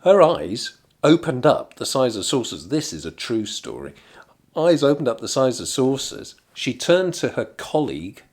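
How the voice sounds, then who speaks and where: A middle-aged man from England, telling a rambling comic story in a deadpan, digressive way with muttered asides. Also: mid-range voice, normal speed, husky. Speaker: vlogger.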